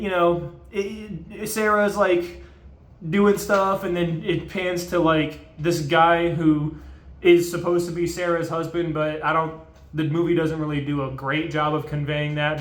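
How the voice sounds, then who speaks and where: Rambling, swearing man in an echoey room. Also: on the high side. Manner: rambling, profane, full of fillers. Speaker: video host. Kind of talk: casual movie recap.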